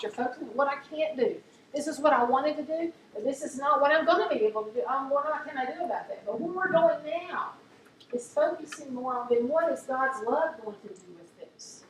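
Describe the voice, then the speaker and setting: A woman giving an earnest, faith-based talk to a group, telling stories warmly. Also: high-pitched. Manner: warm storytelling, earnest, laughs at funny stories. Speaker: speaker at a talk on chronic illness. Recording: echoey room, mic at a distance, faint background noise.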